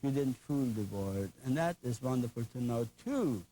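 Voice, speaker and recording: A man's voice: medium pitch, lively intonation, normal speed, mellow, a little hiss or hum, poor audio. An older man with a German accent, teaching a painting lesson in an enthusiastic, folksy, chatty way with playful asides. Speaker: painting instructor.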